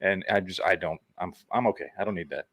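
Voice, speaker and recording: A man co-hosts a casual livestream, explaining in a fast, matter-of-fact way. His voice sits fairly low. The recording is dry and close. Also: creaky, fairly bright tone, no echo. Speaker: co-host.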